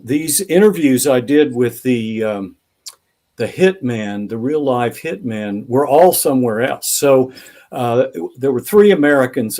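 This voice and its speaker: A man's voice: mid-range voice, a little mellow. An older man, an author being interviewed, answering thoughtfully with anecdotes and acting out remembered dialogue. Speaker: author guest.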